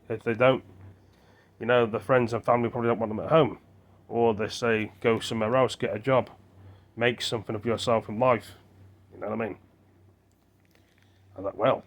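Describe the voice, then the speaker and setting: A man from Britain talks into his phone in a loose, meandering vlog, thinking aloud as he goes. His voice sits in an ordinary middle register. He stalls on fillers and restarts, then pushes on with the next thought. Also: medium pitch. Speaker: vlogger. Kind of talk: rambling casual monologue to camera.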